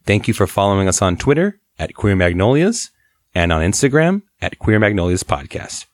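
A man producing a podcast, reading its outro in a brisk, even delivery. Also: fairly low pitch, no room sound. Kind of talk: read outro.

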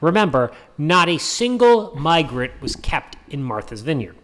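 Sarcastic man with a lively voice. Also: fairly high pitch, measured pace. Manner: sarcastic, mocking voices in quotes; emphatic repetition. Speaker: political commentary host. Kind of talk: opinion monologue.

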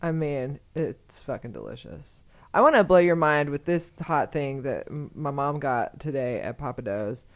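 A woman's voice: very deep voice, animated, normal speed. A woman from Texas co-hosting a podcast in casual chat, talking in an exclamatory, rambling way and swearing freely. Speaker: podcast co-host.

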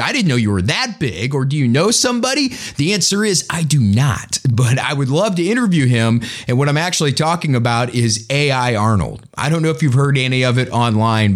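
Man, show host, casual commentary, blunt and sarcastic, very animated pitch.

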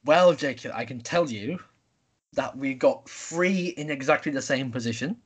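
A man's voice: mid-range voice, normal speed, breathy edge. A young man hosting a casual podcast chat, running a quiz game in an upbeat, announcing way. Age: young adult. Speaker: podcast host.

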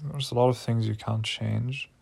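A man's voice: mid-range voice, steady tone, moderate pace, vocal fry, darkish tone, husky, no echo. A man in his twenties talking frankly and emotionally in a personal diary vlog, swearing freely when worked up. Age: 20s. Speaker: vlogger.

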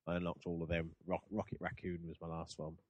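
A man's voice: deep voice, flat delivery, quick pace, dry recording, muffled recording. A young man hosting a podcast, chatting and rambling in a self-deprecating way. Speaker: podcast host. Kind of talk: casual chat.

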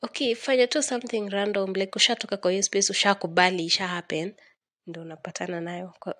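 A woman's voice: medium pitch, fairly even intonation, quick pace, fairly bright tone, no room sound, clean studio sound. A young woman with a Kenyan accent hosting a casual solo podcast, rambling and dramatic, laughing often. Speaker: podcast host.

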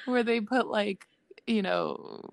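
A woman's voice: medium pitch, takes it slowly, creaky, slight background noise. A woman hosting a podcast, chatting casually and laughing easily. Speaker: podcast host. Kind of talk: casual interview chat.

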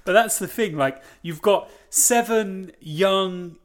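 A man's voice: sits high, slow pace, soft background music. Rambling, laughing podcast host man. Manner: rambling, laughs often, frequent fillers. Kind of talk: casual comedic chat.

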